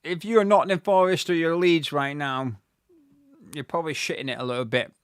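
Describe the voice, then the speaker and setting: A man giving live fan commentary on a football match, excitable and swearing freely, bursting into shouts at big moments. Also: fairly high pitch, fairly quick, smooth, dry recording.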